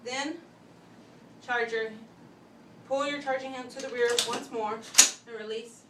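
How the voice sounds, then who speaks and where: Young woman doing a class demo speech, kinda high voice, stop-start delivery, echoey room and far from the mic. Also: fairly even intonation. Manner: methodical, halting, with pauses and restarts. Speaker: student giving a class demonstration speech. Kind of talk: step-by-step instructional demo. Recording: echoey room, voice from a distance, faint background hum.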